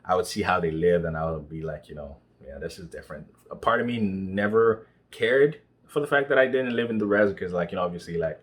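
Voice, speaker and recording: Deep-voiced young man from Nigeria. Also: lively intonation, fairly quick, hardly any pauses. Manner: conversational, full of fillers like "you know". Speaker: vlogger. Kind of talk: casual monologue.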